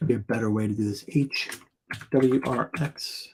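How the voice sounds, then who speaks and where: A man's voice: medium pitch, steady tone, normal speed, a little mellow, a little hiss or hum. A man hosting a live show, reading viewers' product listings aloud in fragments and giving candid, chatty feedback with asides and jokes. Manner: reads on-screen text aloud in fragments. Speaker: host reviewing product listings.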